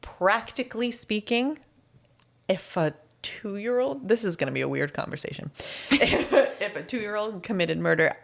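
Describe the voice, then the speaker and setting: A woman's voice: mid-range voice, vocal fry, fairly bright tone. A woman co-hosting a podcast, chatting casually and laughing often as she walks through a true crime case. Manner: chatty, laughs often, reads quotes slowly. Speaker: podcast co-host presenting the case.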